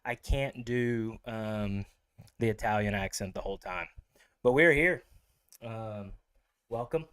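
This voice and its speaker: A man's voice: lowish voice, slow, long pauses, a bit bright, clear, resonant tone. A man hosting a casual livestream chat show, rambling with many fillers. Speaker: host.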